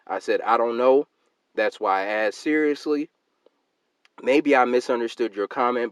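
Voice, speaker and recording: A man hosting his own channel, ranting and reading out a comment exchange, getting loud and emphatic on his own replies. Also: fairly low pitch, no room sound. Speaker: channel host.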